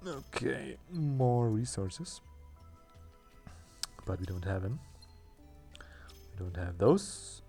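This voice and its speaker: Gravelly man narrating gameplay. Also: on the low side, expressive, a little slow, faint music behind. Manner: chatty, self-mocking, thinks aloud. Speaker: let's play host. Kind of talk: casual gameplay commentary.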